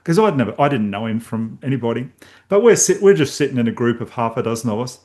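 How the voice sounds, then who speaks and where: A man's voice: medium pitch, lively intonation, quick pace, dark tone. A middle-aged man, a podcast host telling stories in casual conversation and acting out his own reactions.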